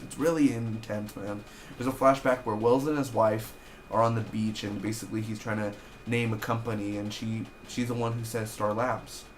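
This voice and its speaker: A young man casually recapping and reviewing a TV episode in an excitable, chatty way, peppering his talk with "basically" and "man.". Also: lowish voice. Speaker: TV show reviewer. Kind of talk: casual spoiler review vlog.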